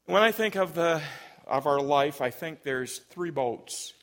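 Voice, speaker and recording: A man's voice: a little high, animated, measured pace. A man, a pastor, preaching an emphatic sermon and telling stories. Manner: emphatic, storytelling, big swings in loudness.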